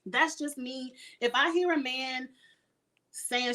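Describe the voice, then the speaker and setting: A middle-aged woman giving a blunt, profane recap of a reality show live, clearing her throat often. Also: sits high, unhurried, a bit bright. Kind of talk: casual live recap with commentary.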